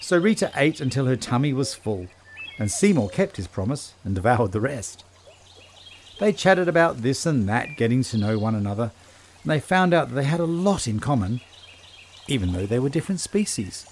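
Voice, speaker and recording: A man narrating a children's story in a gentle, measured storytelling voice. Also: mid-range voice, big pitch swings, slight background noise.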